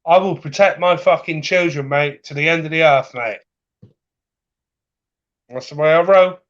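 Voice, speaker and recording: A man on a livestream, in an angry, heated rant full of swearing and shouting at times. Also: a little high, normal speed. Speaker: livestream guest. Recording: dull lo-fi sound.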